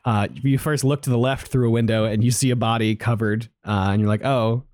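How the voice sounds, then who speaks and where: A man's voice: medium pitch, steady tone, brisk, a little mellow, no room sound. A man co-hosting a podcast, recapping a video game in casual chat, rambling and playful, with goofy voices for the characters he quotes. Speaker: podcast co-host.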